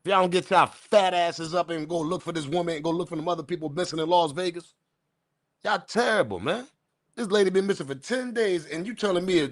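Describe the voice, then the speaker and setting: Fired-up guy ranting on his livestream, kinda high voice, dry close mic, cusses and yells at the chat. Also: animated, a little fast, no echo. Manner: loud, heated, profane, addresses chat directly. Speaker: livestream news host. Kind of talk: ranting live commentary.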